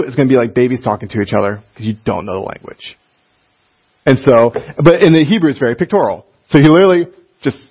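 A man teaching a casual Bible lesson in a chatty, animated way, laughing often as he reads passages aloud. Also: fairly high pitch, breathy edge, lo-fi sound.

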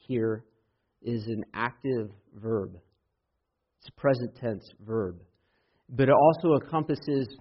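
A man preaching a Sunday sermon as pastor, building to loud, impassioned emphasis when he quotes scripture. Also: mid-range voice. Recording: dull lo-fi sermon audio.

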